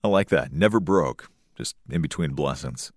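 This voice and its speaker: A man hosting a radio program, reading a relaxed, conversational closing announcement. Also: rumbling low, moderate pace, dry recording, studio quality.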